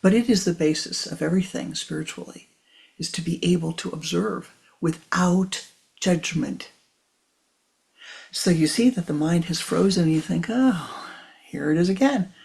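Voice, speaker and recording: An older woman giving a spiritual teaching, soft-spoken and often half-whispering, repeating her points for emphasis. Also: lowish voice, steady tone, moderate pace, vocal fry.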